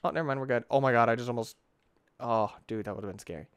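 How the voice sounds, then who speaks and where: A young man giving let's-play commentary, tired and yawning, breaking into excited yelps and shouts. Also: medium pitch, quick pace, smooth, dry recording. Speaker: gaming YouTuber.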